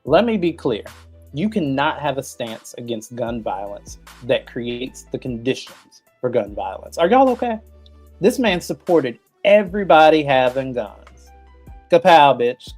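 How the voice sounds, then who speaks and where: A man's voice: mid-range voice, very animated, normal speed, darkish tone, husky, faint music behind. A man hosting a podcast, delivering a blunt, emphatic and profane opinion rant. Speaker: podcast host.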